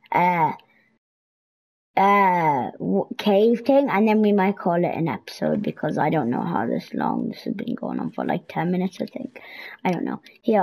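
A young woman giving casual, excitable commentary while playing a video game, pleading with and scolding game characters. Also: mid-range voice, vocal fry, slightly rough, rough recording. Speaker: gameplay streamer. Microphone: headset or console mic.

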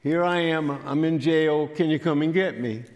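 A man voicing a pleading, excitable troublemaker who begs to be rescued. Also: normal speed, muffled recording, close to an everyday voice. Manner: whiny, pleading, pitched up. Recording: church hall with long reverb.

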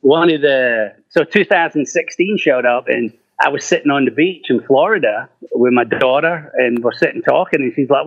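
A man's voice: mid-range voice, normal speed, gravelly, few pauses, breathy edge, no room sound. A middle-aged man, a rock singer, telling stories in casual talk, swearing freely and acting out the voices of people he quotes. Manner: profane, laughing, acts out quoted voices. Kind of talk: casual storytelling. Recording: muffled, lo-fi, dry.

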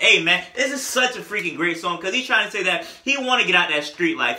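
A man doing a comedic music review, riffing in a joking, exaggerated, animated way. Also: high-pitched, brisk, hardly any pauses. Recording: echoey room.

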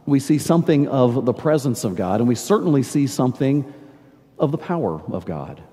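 An older man preaching a sermon as pastor, telling stories in a warm, halting way and repeating words as he searches for them. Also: mid-range voice, sing-song. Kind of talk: sermon with storytelling. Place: large church sanctuary. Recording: long church reverb.

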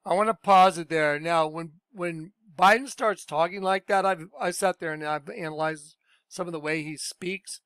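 A man's voice: fairly high pitch, normal speed, fairly bright tone, clean tone, no echo. A man giving blunt, scornful commentary over video clips in a casual, ranting way.

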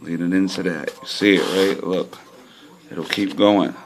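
Casual male vlogger, deep and gravelly, talking excitedly to camera over faint noise. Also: a little slow. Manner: excited and frustrated, pointing at a chart. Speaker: lottery system vlogger.

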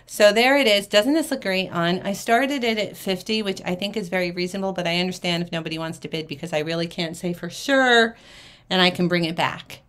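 A woman hosting a live jewelry shopping auction, chatting away and acting out the people in her stories, then dropping quietly to herself while she handles items. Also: on the low side, fairly quick. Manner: chatty, acts out quoted people in a lively way.

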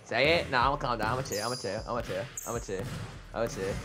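A young man streaming a reaction, talking casually and excitably, trash-talking his chat and saying "bro" constantly. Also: medium pitch, fast, faint music behind. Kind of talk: casual livestream reaction talk.

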